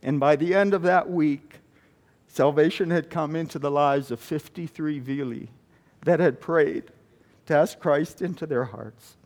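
A man with a high voice preaches in a storytelling way. He retells a testimony, often stopping and restarting his phrases. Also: measured pace, a little mellow. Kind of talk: sermon storytelling.

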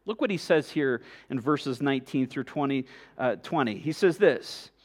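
A middle-aged man pastor preaching a sermon in an earnest, emphatic way, with measured pauses. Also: medium pitch, expressive.

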